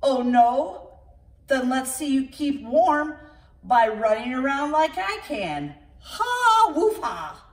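A woman voicing a brash, teasing dog who mocks loudly, in a storybook reading. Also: high-pitched, sing-song, slow, pitched above the performer's own voice, heavily acted. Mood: mocking. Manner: loud, mocking. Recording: roomy, from far off.

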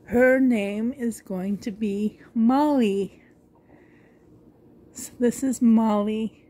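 A woman's voice: on the high side, warm tone. A woman vlogger gushing over a new doll in a casual unboxing vlog, coughing now and then. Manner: gushing, breathy with delight, slow.

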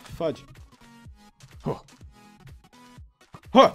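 A young man giving gameplay commentary as a YouTuber, excitable and prone to panicked yelps and screams before dropping back to quiet muttering. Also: high-pitched, very slow, long pauses, faint music behind. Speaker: gaming YouTuber.

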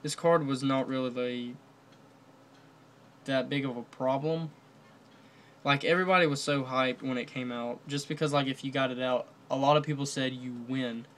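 A man's voice: mid-range voice, steady tone, normal speed, fairly bright tone, a little hiss or hum. A man casually commenting on a card game ban list, rambling with many fillers and restarts. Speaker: card game video host.

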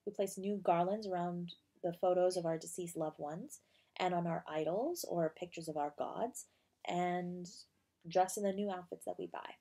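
A young woman in an audio role-play as a girlfriend, gently explaining her family's customs. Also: on the low side, normal speed.

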